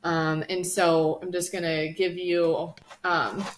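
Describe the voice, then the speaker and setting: A woman's voice: on the low side, flat delivery, takes it slowly. A woman co-hosting a nutrition podcast, explaining in a casual, informative way with many ums. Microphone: studio microphone.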